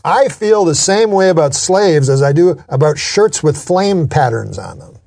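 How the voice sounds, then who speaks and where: A man's voice: a little high, expressive, a little slow, vocal fry, a little mellow, a little hiss or hum. A man hosting a comedy podcast, reading jokes aloud and teasing his co-host with mock outrage. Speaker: talk show host. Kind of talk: casual comedy podcast banter.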